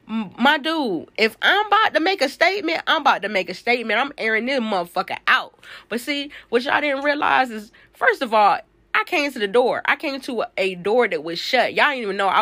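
A young woman hosts her own podcast with blunt, profane storytelling. Her voice sits a little high and swings widely in pitch. The sound is dry, with no room echo. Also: fairly bright tone. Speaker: podcast host. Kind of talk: casual storytelling monologue.

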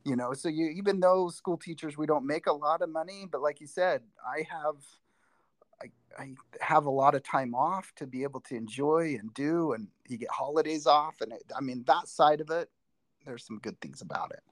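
A man who teaches driver's ed, chatting casually on a podcast and telling rambling, animated stories with many restarts. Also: fairly high pitch, normal speed, no room sound. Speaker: driver's ed instructor and school teacher. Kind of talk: casual podcast chat, storytelling.

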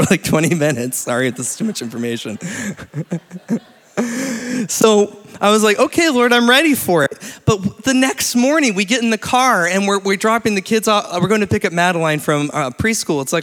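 A man in his late thirties preaching a sermon in a church, telling stories with lively energy and laughing often. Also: sits high. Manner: animated storytelling, laughs often. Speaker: pastor. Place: church hall. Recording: long hall reverb.

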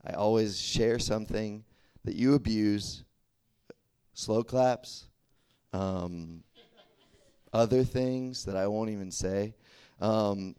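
Chatty young man preaching, low voice. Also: clear, resonant tone. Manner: chatty and animated, full of "like" and "okay?". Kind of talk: casual sermon to a youth group.

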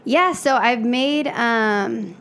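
Young woman guest, gravelly tone, animated storyteller who laughs a lot, casual podcast chat. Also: fairly high pitch, very slow, slight background noise. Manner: animated, laughs often, acts out voices.

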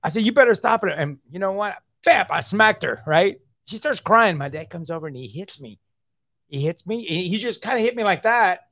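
A man's voice: high-pitched, expressive, normal speed, a bit bright, dry recording, clean studio sound. A middle-aged man telling a personal recovery story in a casual, confiding way. He often repeats words and keeps saying "man.". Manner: earnest, confiding.

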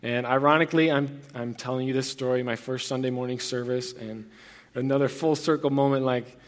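A man's voice: medium pitch, fairly even intonation, a little fast. Young male pastor, casual sermon. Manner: casual, earnest, conversational preaching with frequent restarts.

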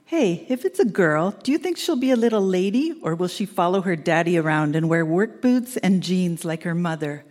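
A woman's voice: on the low side, animated, moderate pace, hardly any pauses, darkish tone. An older woman reading her old letters aloud to an audience, sweet and earnest with a teasing edge.

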